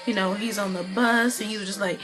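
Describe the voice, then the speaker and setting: A woman's voice: medium pitch, fairly quick, over music. A woman casually recapping a TV episode in a vlog, rambling and chatty with lots of "you know" and "like". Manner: animated, acts out the characters' lines while retelling.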